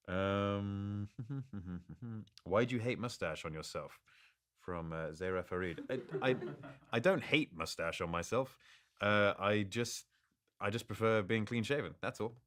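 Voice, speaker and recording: During a live social-media Q&A, a man reads fan questions aloud and answers in a relaxed, good-humored way, often stumbling and restarting. His voice is on the low side and slow.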